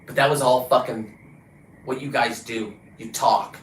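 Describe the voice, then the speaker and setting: A combative man rants on his livestream, swearing freely and swinging between loud outbursts and quiet mutters. His voice sits at an ordinary middle pitch, and it carries a roomy echo around it. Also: a little slow. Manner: combative, swearing, shifts pitch and volume a lot. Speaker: livestream host. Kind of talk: casual profane rant.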